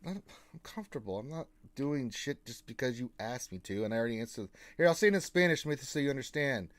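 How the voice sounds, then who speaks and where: Brief: male stream co-host, playful and teasing, swings his pitch a lot. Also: no echo. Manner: playful, teasing, drawn-out flat refusals. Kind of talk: casual live-stream chat, reading viewer messages.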